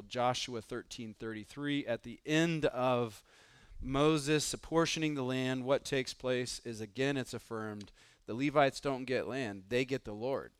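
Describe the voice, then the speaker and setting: A man's voice: mid-range voice, measured pace, clear, resonant tone, dry recording. A man preaching a sermon in an earnest, conversational way, asking the listeners questions and putting on voices for the people in the story.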